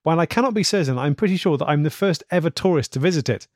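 A man co-hosting a casual podcast, reading listener emails aloud in a dry, measured way. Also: on the high side, lively intonation, dry recording.

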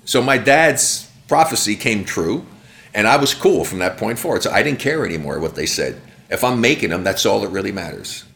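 A man's voice: fairly low pitch, very animated, moderate pace, vocal fry, a bit bright. An older man being interviewed, who tells stories bluntly and emphatically and acts out the voices in his anecdotes. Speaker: interview guest. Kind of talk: animated interview storytelling.

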